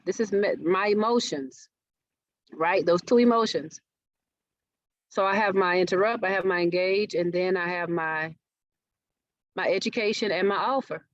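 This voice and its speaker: A woman's voice: medium pitch, no room sound. Woman teaching a marketing workshop. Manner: engaging, asks audience questions often. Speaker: marketing speaker. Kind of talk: business workshop presentation. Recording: dull, dry webinar audio.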